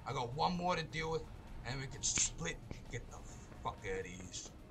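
A man commentating live on his gameplay, excitable and swearing, breaking into loud shouts and tossing out mock tough-guy mobster slang. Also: mid-range voice, normal speed, over loud music. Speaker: let's play host.

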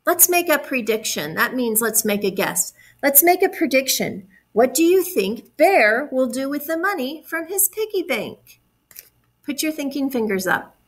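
A woman's voice: high-pitched, big pitch swings, rough recording. A woman reading a storybook aloud to young children, explaining words and asking them questions. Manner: warm, slow, encouraging, explains words.

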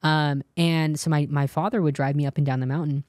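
A woman's voice: low voice, steady tone, fairly quick, darkish tone, no echo, clean studio sound. A young adult woman telling a personal testimony in an interview, earnest and acting out the lines of the people in her story. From California. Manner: earnest, tells story with quoted dialogue. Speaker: interview guest.

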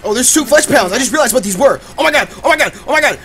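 A man hosting a live co-op game stream, loud and excitable, who swears freely. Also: very high-pitched, very fast. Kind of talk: excited gaming chat.

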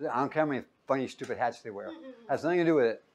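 A man preaching a Bible-teaching sermon, reading verses loudly and pausing for his listeners to call out the missing word. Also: medium pitch, expressive. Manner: quizzing listeners with fill-in-the-blank questions; emphatic, loud when reading scripture aloud.

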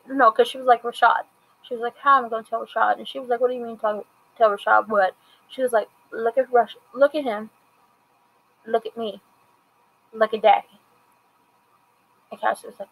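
A woman's voice: on the high side, fairly bright tone, low-quality recording. A woman casually recapping and reviewing a TV episode, retelling scenes through quoted dialogue in a chatty way.

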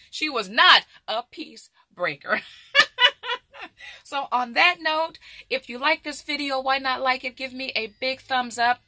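A woman's voice: fairly high pitch, pushed and bright, no room sound, clean studio sound. A middle-aged woman vlogger chatting animatedly and directly to her viewers. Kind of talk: casual chat to camera.

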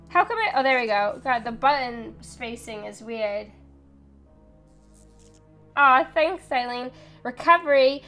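High-voiced excitable woman streamer. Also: a little slow, long pauses, soft background music. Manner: chatty and excitable, jumps to loud yelps and shouts. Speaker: streamer playing a horror game. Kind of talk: live let's play commentary, reading game text aloud.

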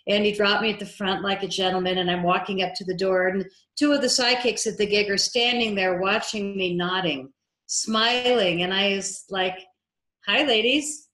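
A woman filmmaker, a guest in an interview, telling a lively story and acting out the dialogue she quotes. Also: medium pitch, moderate pace. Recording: echoey room.

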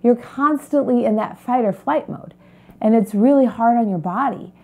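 A woman's voice: a little high, normal speed, narrow, tinny audio. Earnest woman sharing her story. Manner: earnest, confiding, addresses viewers directly. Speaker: holistic health coach. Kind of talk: personal testimony to camera.

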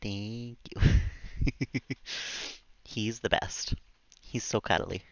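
Male streamer, casual, coaxing baby talk, low voice, dull dry audio. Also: fairly even intonation, very slow, fairly bright tone, dry recording. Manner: coaxing baby talk to his cat, laughs often. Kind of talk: casual live-stream chat. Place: home.

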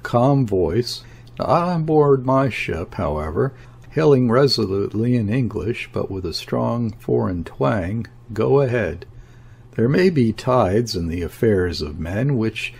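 Guy reading an old novel aloud, low husky voice, slow and careful. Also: a little mellow. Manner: measured, deliberate literary reading. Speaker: audiobook narrator. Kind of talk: scripted narration.

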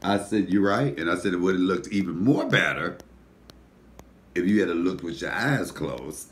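A man with a deep voice, hosting a casual mukbang and telling animated, profane stories while he eats. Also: normal speed. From Detroit, USA. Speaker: comedian and mukbang host. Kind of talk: casual storytelling while eating.

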